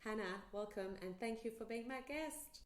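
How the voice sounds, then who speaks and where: A woman's voice: fairly high pitch, normal speed, heavy background noise. A woman with a French and South African accent, hosting a podcast and reading a chatty introduction. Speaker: podcast host and yoga teacher. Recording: roomy echo.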